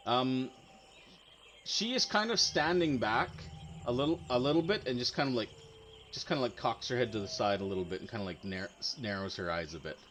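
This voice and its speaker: A man's voice: medium pitch, animated, brisk, fairly bright tone, a little hiss or hum. A man narrating as game master in a tabletop game, rambling with many fillers and restarts. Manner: rambling, full of likes and restarts.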